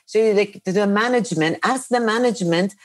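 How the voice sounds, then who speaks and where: A middle-aged woman hosting a podcast, casually retelling an annoying day in an animated, exasperated way. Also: mid-range voice, moderate pace. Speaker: podcast host. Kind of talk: casual chat, storytelling.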